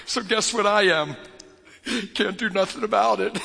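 A man preaching a sermon and telling a personal story, swinging from loud outbursts to near whispers. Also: high voice, lively intonation, a little slow, creaky, husky, in a large hall.

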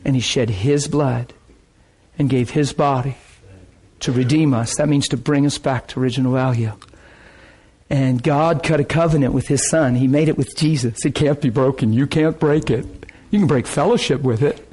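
A man preaching a sermon, telling a testimony story with excitement, laughing often and repeating phrases. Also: medium pitch, normal speed, breathy edge.

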